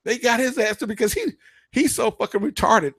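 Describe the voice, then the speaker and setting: A man's voice: extremely high pitch, brisk, fairly bright tone, slightly rough, no echo, clean studio sound. A man hosting a radio show, ranting in a heated, profane, emphatic way in casual talk. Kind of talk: casual political rant.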